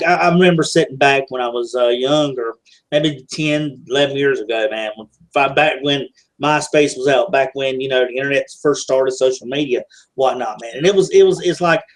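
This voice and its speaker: A man's voice: mid-range voice, brisk, low-quality recording. A man chatting casually, reflective and loose, with lots of fillers. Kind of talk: casual chat.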